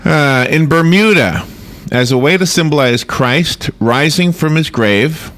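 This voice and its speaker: A man's voice: a little high, a little slow, a bit bright. A man co-hosting a casual morning radio show, reading holiday customs aloud and laughing often. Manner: laughs often, reads facts aloud then riffs. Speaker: radio host.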